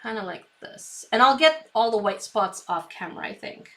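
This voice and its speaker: A woman's voice: fairly high pitch, animated, moderate pace, bright, forceful tone. A woman hosting a live painting stream, chatting to herself and her viewers and giggling often as she works. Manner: reads viewer comments aloud. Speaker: craft stream host. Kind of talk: live painting tutorial chat.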